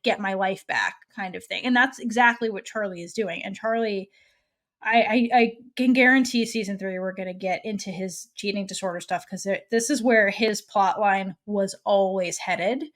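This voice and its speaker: A woman's voice: medium pitch, fairly even intonation, moderate pace. A young adult woman co-hosting a podcast, recapping an episode in casual chat, acting out the characters' lines with swearing and laughter. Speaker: podcast co-host.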